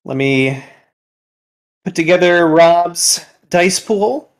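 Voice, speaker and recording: A man's voice: high voice, slow pace. Man running a tabletop game. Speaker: game master.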